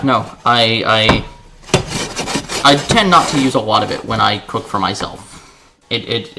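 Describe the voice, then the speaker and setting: Bright-voiced chatty streamer man cooking. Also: mid-range voice. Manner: chatty, profane and playful, talking to chat. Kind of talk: casual cooking livestream chat. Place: home kitchen.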